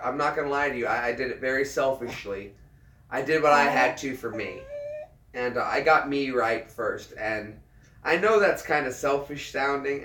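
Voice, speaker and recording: A man in his thirties, a military veteran, chatting casually on a livestream, earnest and halting, often repeating himself as he restarts a thought. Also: mid-range voice, fairly bright tone. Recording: roomy sound, mic at a distance.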